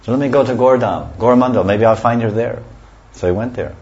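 A man's voice: mid-range voice, fairly quick. A man giving a scripture class, explaining verses and sometimes chanting them. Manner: explanatory, often chants verses and laughs softly. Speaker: religious teacher. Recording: dull lo-fi recording.

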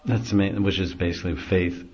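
A man's voice: low voice, fairly even intonation, brisk, a little mellow, slightly rough. A middle-aged man, a spiritual teacher, giving an easygoing devotional talk and chuckling often as he explains. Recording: dull lo-fi recording.

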